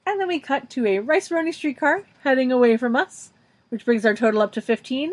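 Lively woman recapping a TV episode. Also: on the high side, fast talker. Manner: animated, narrates episode scenes in detail. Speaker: podcast co-host. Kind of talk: casual recap chat.

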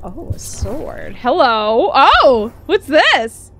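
Playful woman streamer with a lively voice. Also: high-pitched, extremely slow. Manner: playful, reacts loudly, laughs, swears. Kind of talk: live gameplay commentary.

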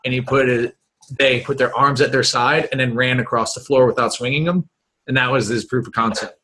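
A man's voice: mid-range voice, steady tone, bright, forceful tone, poor audio. A man co-hosting a podcast, joking and telling stories in casual chat. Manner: joking and storytelling, quick to laugh. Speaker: podcast co-host.

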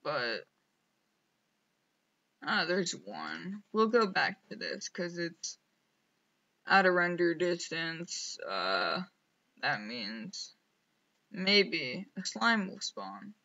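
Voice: medium pitch, sing-song, very slow, pauses often, sharp tone, lo-fi sound. A streamer rambling casually over gameplay, mumbling to themself and poking fun at themself, on a headset mic. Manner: self-mocking.

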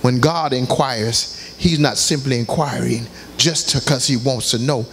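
A man's voice: mid-range voice, unhurried, slight background noise. A man preaching a passionate sermon in a church, tossing out call-and-response asides to the congregation. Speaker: pastor. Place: church sanctuary.

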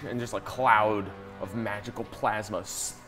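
A man's voice: lowish voice, fairly even intonation, unhurried, over music. A young man narrating a tabletop game as game master, describing scenes with dramatic flair and frequent restarts.

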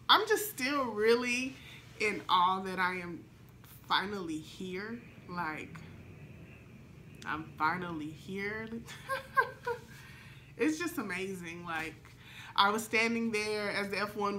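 A young adult woman chatting in a vlog as a flight attendant, excited and emotional, with lots of fillers. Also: medium pitch, slight background noise. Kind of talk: casual vlog chat.

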